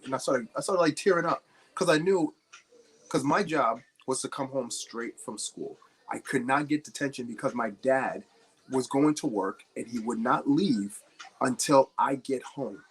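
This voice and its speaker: Young male stream host from New Jersey, mid-pitched, easygoing and anecdotal, talks to viewers as he builds. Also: normal speed, slightly rough. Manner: rambling anecdotal storyteller, chats with viewers. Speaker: livestream host. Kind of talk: casual chat while building.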